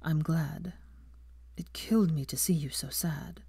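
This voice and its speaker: A woman voicing a grown man, a gentle wizard, in a lowered, hushed, tender voice. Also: a little slow, slightly rough, no room sound, studio quality, heavily acted.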